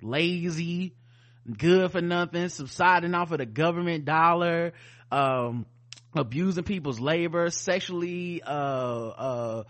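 Bright, laughing male co-host. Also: a little high, takes it slowly. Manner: laughs often, animated, reads listener comments aloud. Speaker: podcast co-host. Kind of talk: casual chat.

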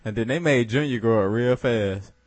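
A man's voice: medium pitch, normal speed, no echo. A man co-hosting a podcast in casual chat, mostly giving short agreeing replies. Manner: brief agreeing replies and laughter. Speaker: podcast co-host.

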